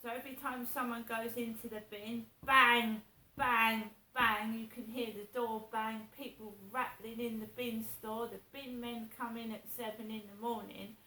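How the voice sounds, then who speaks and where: A woman's voice: fairly high pitch, flat delivery, normal speed, hardly any pauses, recorded from a distance. A woman talking casually to her viewers in a rambling, indignant way, repeating herself. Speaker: vlogger. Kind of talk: casual monologue to camera. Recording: echoey room with faint hiss.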